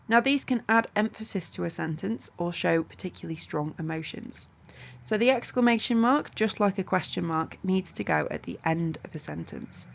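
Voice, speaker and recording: A woman teaching an exam revision lesson, explaining punctuation rules clearly and methodically with examples. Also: on the low side, dull audio. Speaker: English tutor.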